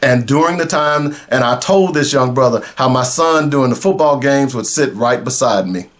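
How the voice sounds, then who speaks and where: A middle-aged man, a radio host, telling a personal story in an earnest, emotional way. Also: mid-range voice. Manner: emotional, earnest, slow in places.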